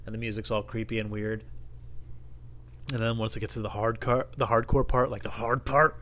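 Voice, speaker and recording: A man's voice: lowish voice, flat delivery, normal speed, fairly bright tone. A man hosting a podcast in a casual comedic monologue, rambling, swearing a lot and laughing at his own stories. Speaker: podcast host.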